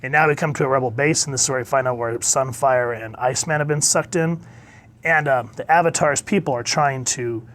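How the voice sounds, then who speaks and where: A man in a casual comic book review, rambling and chuckling, pausing to look things up, and openly enthusiastic about the storytelling. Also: medium pitch, fairly bright tone.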